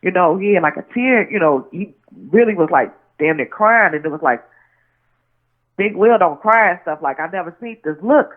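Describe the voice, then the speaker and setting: In a relaxed phone interview, a woman guest tells a story at a moderate pace, her low voice full of lively intonation. She keeps restarting and saying "you know what I'm saying," and the line sounds tinny.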